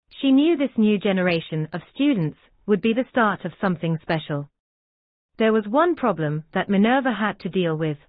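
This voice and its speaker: A woman narrating a fan-written audiobook in an even, steady reading voice. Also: mid-range voice, dry recording. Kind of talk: scripted narration. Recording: dry, tinny phone-like sound.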